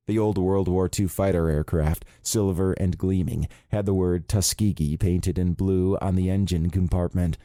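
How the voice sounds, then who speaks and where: A man reading a thriller audiobook in a calm, measured narration. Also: sits low, no echo, clean studio sound. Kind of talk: scripted narration.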